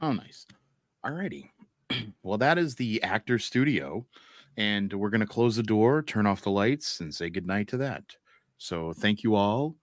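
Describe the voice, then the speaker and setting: A man's voice: fairly low pitch, lively intonation, no echo. Laid-back male podcast host, dry sound. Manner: quick-fire quiz questions, laid-back. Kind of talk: casual podcast chat.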